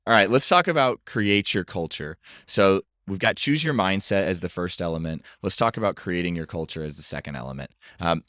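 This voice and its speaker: A man hosting a podcast interview, asking loose, rambling questions in a relaxed way. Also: low voice, dry recording, clean studio sound. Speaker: podcast host.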